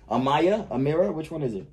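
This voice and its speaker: A young man hosting a casual vlog on a phone camera, teasing the people around him and laughing often. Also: a little high. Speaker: vlogger host.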